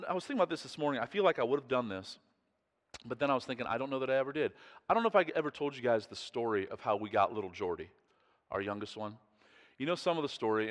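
A man's voice: medium pitch, a bit bright. A pastor tells a story from the pulpit in a loose, conversational way, restarting sentences and chuckling between them. His voice sits in an ordinary middle register for a man. The sound rings out with the long reverb of a large hall. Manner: chatty, self-interrupting, chuckles often.

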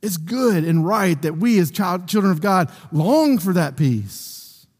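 A man preaching a sermon, reading scripture aloud and rising to loud, emphatic peaks. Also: sits high, lively intonation, measured pace, husky. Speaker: pastor. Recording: long reverb of a large hall.

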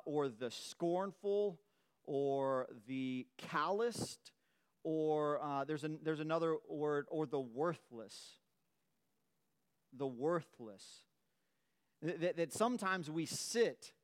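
A middle-aged man, preaching a sermon in a relaxed, conversational way and telling a playful story from his youth. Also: a little high, clean tone. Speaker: pastor.

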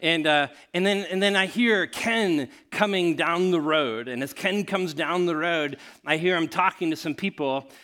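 A male pastor speaks to his congregation in a bright voice that sits a little high. His delivery is halting, full of fillers and restarts, and he shifts between a prayer and a story told in a sermon. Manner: hesitant, many fillers and restarts; grows animated and laughing while telling a story.

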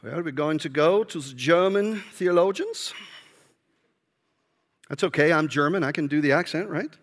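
A man preaching a sermon with passion, rising to loud emphasis and dropping to soft, low asides. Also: expressive, normal speed. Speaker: pastor. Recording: hall reverb.

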